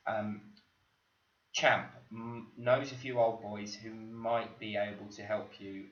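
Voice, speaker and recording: A middle-aged man talks unhurriedly with his viewers, teasing them and laughing often. His voice sits at an ordinary pitch. The livestream audio is echoey and a bit dull. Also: flat delivery, slow. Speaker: blacksmith livestream host. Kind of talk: casual livestream chat reading viewer comments.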